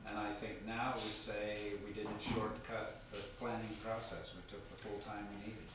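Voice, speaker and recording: A man reflecting in a measured way on taking time to plan a building. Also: fairly low pitch, flat delivery. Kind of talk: casual chat. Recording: echoey hall with loud noise, from far off.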